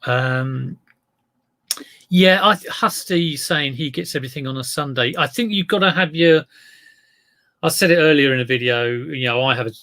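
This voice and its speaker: A man's voice: a little high, moderate pace, pushed and bright. A middle-aged man chatting casually on a live stream as an eBay reseller, rambling and greeting viewers by name.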